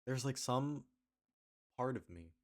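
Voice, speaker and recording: A young man talks into the webcam in his room, keeping a loose confessional video diary. He rambles, questions himself, and circles back to the same phrases. His voice sits at an ordinary middle pitch. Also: expressive, takes it slowly. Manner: rambling, self-questioning, trails off and repeats himself. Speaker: video diarist. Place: at home at a webcam.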